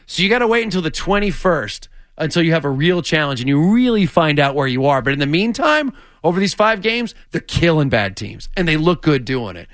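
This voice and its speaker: A man's voice: a little high, sing-song, a little fast, a bit bright, no room sound, clean studio sound. A man co-hosting a sports radio show, chatting casually and laughing often between points. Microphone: studio microphone.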